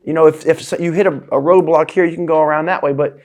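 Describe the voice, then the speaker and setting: A man hosting a podcast interview, chiming in with quick agreement and emphatic asides. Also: fairly high pitch, steady tone, darkish tone. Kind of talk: casual interview chat.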